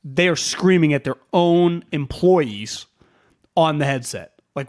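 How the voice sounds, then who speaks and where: A man co-hosting a football podcast, riffing fast with opinions and stats. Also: fairly high pitch, lively intonation, darkish tone. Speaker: podcast co-host. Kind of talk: casual sports chat.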